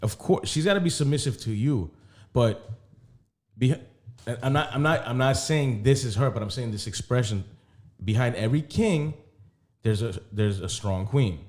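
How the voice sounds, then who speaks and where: A man co-hosting a podcast talks candidly about his relationship, cursing as he tells his stories. His voice sits at an ordinary middle pitch. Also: expressive, moderate pace, a little mellow. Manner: candid, profane storytelling. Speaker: podcast co-host. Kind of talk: casual chat.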